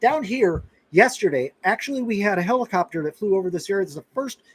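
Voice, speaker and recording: A man's voice: high-pitched, lively intonation, quick pace, slightly rough, dry recording, poor audio. A middle-aged man from Florida hosting a casual live chat, talking in a rambling, conversational way with restarts and asides. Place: rural outpost in western Kentucky.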